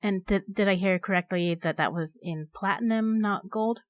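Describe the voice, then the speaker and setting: A woman's voice: medium pitch, moderate pace. A woman playing a tabletop game, chatty and upbeat. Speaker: player. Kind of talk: tabletop role-play chat.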